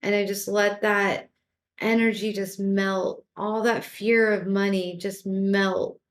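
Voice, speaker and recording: Calm woman guiding a meditation. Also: mid-range voice, slow. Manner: calm, repetitive, gently coaxing. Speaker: spiritual teacher. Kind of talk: guided meditation talk.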